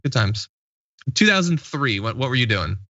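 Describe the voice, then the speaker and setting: A man's voice: medium pitch, big pitch swings, normal speed, pushed and bright, no room sound, highs cut off. A man in his late thirties hosting a casual live stream, reading viewer comments aloud and laughing easily. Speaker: show host.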